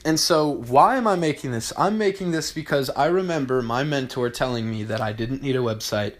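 A man talks alone on his podcast in a blunt, profane way, hammering the same point several times. He clears his throat often between thoughts. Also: mid-range voice, brisk. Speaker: podcast host. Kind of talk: solo podcast monologue.

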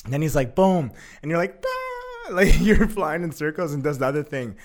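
A young man in casual chat, telling a story excitedly, swearing a lot and acting out what others said. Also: on the high side, quick pace. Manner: excitable, profane, acts out quotes with laughter.

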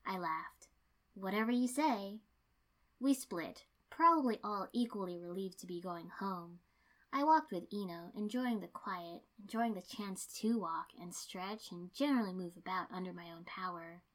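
A woman reading a first-person story aloud in an even, steady narration. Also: on the low side, normal speed. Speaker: reader.

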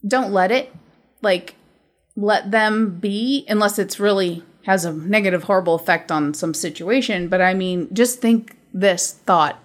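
A woman's voice: mid-range voice, measured pace. A woman hosting a podcast in casual chat, telling stories in a blunt, profane, ranting way. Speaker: podcast host.

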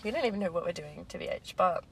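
A young adult woman co-hosting a podcast, chatty and quick to laugh, still getting over a lingering illness. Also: fairly low pitch, lively intonation, slightly rough. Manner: chatty, laughs often, swears casually. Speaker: podcast co-host. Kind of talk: casual chat.

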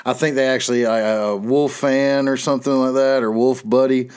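A man's voice: medium pitch, fairly even intonation, normal speed, a little mellow, clear, resonant tone. Middle-aged guy, cussing a lot, rambly solo podcast rant. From North Carolina, USA. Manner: profane, rambling, laughs at his own jokes. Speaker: podcast host. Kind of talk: casual monologue.

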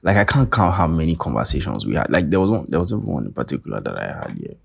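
A man's voice: extremely low pitch, sing-song, fast talker, gravelly, background noise. A young Nigerian man with a Nigerian accent, hosting a podcast in a profane, sarcastic casual rant. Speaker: podcast host. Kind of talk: casual monologue.

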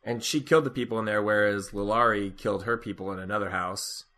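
A man's voice: on the low side, fast talker, sharp tone. A man co-hosting a casual podcast, discussing a TV episode and often restarting his sentences. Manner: hesitant, restarts sentences with repeated "I". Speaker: podcast co-host. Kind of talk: casual chat recapping a TV episode.

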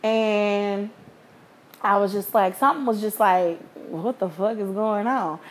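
A woman in her thirties, a podcast host telling a personal story in a frank, animated, profane way. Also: medium pitch, unhurried. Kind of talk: candid storytelling.

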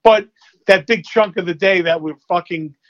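A man's voice: high-pitched, normal speed, fairly bright tone, no room sound. A man talking as a podcast guest in casual, profane chat with fillers. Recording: muffled, lo-fi.

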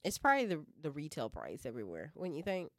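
A woman co-hosting a casual podcast chat over headphones, easygoing and expressive. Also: low-pitched, fast, no echo, clean studio sound. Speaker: podcast co-host. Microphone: headphones with mic on a call.

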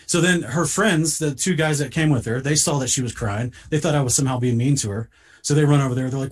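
A man telling a personal story in a casual podcast talk, earnest and halting, often repeating words as he starts a sentence. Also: on the high side, slightly rough.

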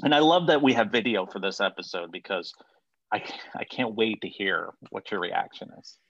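A man's voice: lowish voice, animated, moderate pace, fairly bright tone, dry recording, highs cut off. A man hosting a podcast in casual chat, blunt and swearing freely. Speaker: podcast host.

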